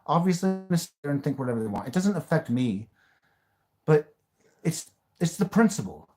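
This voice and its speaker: A man's voice: a little high, big pitch swings, a little fast, music in the background. A man hosting a live stream, talking bluntly, ranting at times and swearing freely. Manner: blunt, rants and raves, swears. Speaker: livestream host. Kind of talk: live-stream reaction chat.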